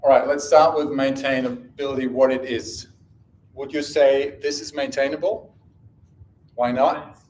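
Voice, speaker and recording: A man speaks at an even middle pitch from a stage in an echoey hall. He talks casually, restarting sentences and dropping fillers as he goes. A faint hum of room ambience sits behind him. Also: measured pace. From Germany. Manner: casual, self-correcting, frequent fillers and restarts. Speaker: conference speaker. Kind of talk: live tech talk. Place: conference room.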